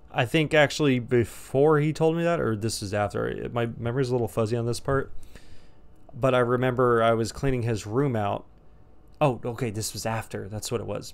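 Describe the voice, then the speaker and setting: A man's voice: mid-range voice, vocal fry, smooth. Rambling, profane man telling a story. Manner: rambling, profane, laid-back. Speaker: storyteller vlogger. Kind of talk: casual storytime.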